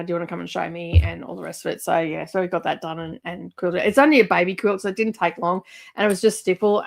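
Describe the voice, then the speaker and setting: A middle-aged woman, chatting casually as host of a livestream, rambling with lots of fillers and laughs. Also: medium pitch.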